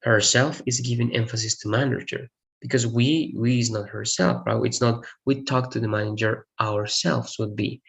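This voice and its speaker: A man's voice: mid-range voice, normal speed, vocal fry, rough recording. A man with a Spanish accent teaching an English grammar lesson, often checking understanding with "right?" and stressing key words. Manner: repeats "right?" to check understanding, lively emphasis.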